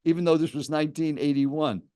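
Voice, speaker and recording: A man's voice: a little high, fairly even intonation, a little fast, warm tone, smooth. An older man, a professional speaker, animatedly telling a story in an interview and acting out the dialogue.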